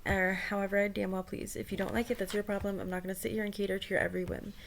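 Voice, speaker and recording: A woman's voice: mid-range voice, flat delivery, very fast, creaky, a little hiss or hum, lightly acted. A woman reading aloud the replies of a hostile chatbot, in a sneering, scornful manner with repeated put-downs. She uses her everyday voice. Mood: contemptuous. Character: hostile swaggering chatbot, contemptuous toward users.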